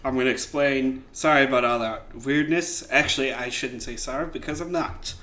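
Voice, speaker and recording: Young male co-host, bright tone, playful and boastful in casual banter. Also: mid-range voice, normal speed. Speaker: podcast co-host. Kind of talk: casual comedic chat.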